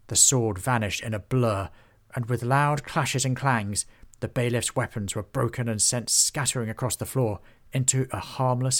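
A man narrating a children's fantasy storybook in a steady, even manner. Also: medium pitch.

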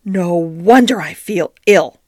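A woman's voice: on the low side, lively intonation, slow, a little mellow, dry recording, clean studio sound. A woman voicing a fretful, genteel female dog in a storybook reading. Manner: worried, fussy storytelling voice.

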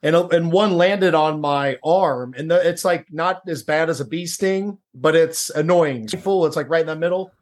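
A man's voice: on the high side, moderate pace, few pauses. A middle-aged man telling a personal story as a podcast guest, casual and repetitive, often saying "like" and "dude.". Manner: casual, repeats words, says "dude" and "like". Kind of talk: storytelling interview.

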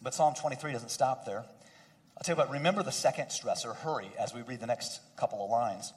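In a mid-range voice that runs a little fast, a pastor gives his sermon in a conversational way. He softens to a hush to emphasize the key points for his congregation.

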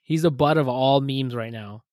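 A man trading jokes on a casual podcast, animated and playful, his voice sitting in a fairly ordinary middle register. The sound is dry and close, with no room around it. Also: mid-range voice, normal speed, dry recording. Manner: joking, animated. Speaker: podcast co-host. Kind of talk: casual chat.

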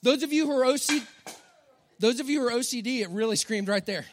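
High-voiced pastor preaching. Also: male voice, fast talker. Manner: conversational and humorous, keeps asking "right?". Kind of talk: sermon.

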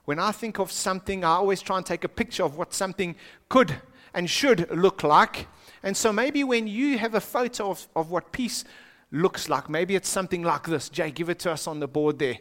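South African man, pastor, high voice, dramatic sermon, hushed to shouting, long church reverb. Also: moderate pace, few pauses. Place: church auditorium.

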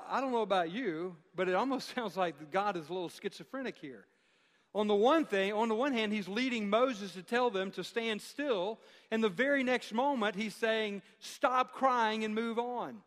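A man preaching a sermon as pastor, emphatic, repeating phrases and slowing down for key lines. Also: high-pitched. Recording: long hall reverb.

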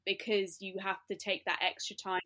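A young woman co-hosts a casual podcast, her voice bright and forward. She chats eagerly and rambles from one point to the next, at an ordinary middle pitch. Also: level tone, normal speed. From France. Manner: chatty, enthusiastic, rambling. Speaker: podcast co-host. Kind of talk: casual chat.

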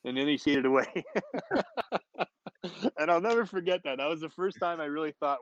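A man's voice: on the high side, brisk, long pauses, no echo, muffled recording. A man in his forties, a former hockey player, telling a story casually with laughs and restarts. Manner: animated, laughing, many restarts.

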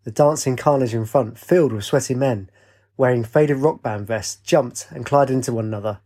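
A man's voice: medium pitch, moderate pace. A man narrating a story aloud, changing his voice for the characters' dialogue. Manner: lively, puts on voices for dialogue. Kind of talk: audiobook reading with character voices.

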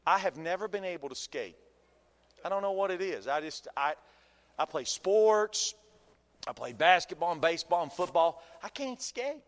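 A man preaching a sermon as pastor, folksy and animated, with humor and rhetorical questions to the congregation. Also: high voice, moderate pace, big-room sound.

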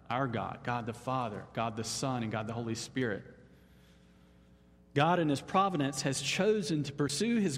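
A man pastor preaching a Sunday sermon in an animated, emphatic way. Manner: animated, emphatic, leaps up in pitch on exclamations. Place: church sanctuary. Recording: long hall reverb.

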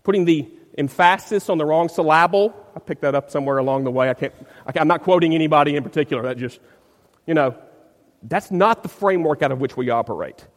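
A man's voice: on the high side, fast, long reverb tail. A man, a pastor, preaching a sermon in an emphatic way, often repeating words as he searches for the phrasing.

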